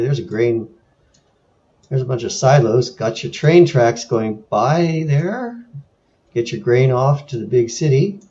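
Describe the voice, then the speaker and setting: A man's voice: medium pitch, warm tone, dull audio. A man from San Francisco narrating a casual screen tour in a wry, musing way. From San Francisco, USA. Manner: wry, musing, lightly sarcastic. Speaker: video creator. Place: home in France.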